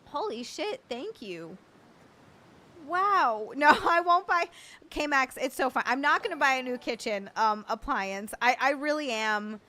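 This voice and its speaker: A woman's voice: fairly high pitch, bright, forceful tone. A young adult woman hosting a casual livestream chat, stammering and swearing in happy disbelief as she thanks viewers. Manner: overwhelmed, stammering, laughing and swearing. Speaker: livestream host.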